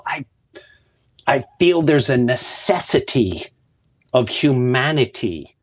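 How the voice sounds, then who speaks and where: A man's voice: mid-range voice, sing-song, slow pace. Man, podcast host, casual monologue, earnest, heartfelt, repeats words, sometimes whispers.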